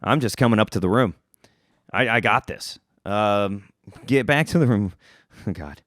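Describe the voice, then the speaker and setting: Animated young man telling a rambling story. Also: on the low side, moderate pace, dry recording, clean studio sound. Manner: rambling and animated, swears freely, restarts often. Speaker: podcast host. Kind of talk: casual comedic storytelling.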